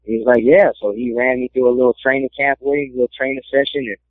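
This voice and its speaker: Animated young man on a phone line. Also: medium pitch, fast, no echo. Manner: animated storyteller, acts out quotes. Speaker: MMA fighter interviewee. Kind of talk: casual phone interview, storytelling.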